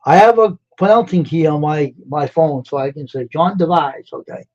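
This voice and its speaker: Guy on a live stream chatting w/ his viewers, kinda high voice, muffled lo-fi audio. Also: lively intonation, moderate pace, few pauses, a little mellow. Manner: chatty, greets and quizzes chat viewers by name. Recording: dull lo-fi sound.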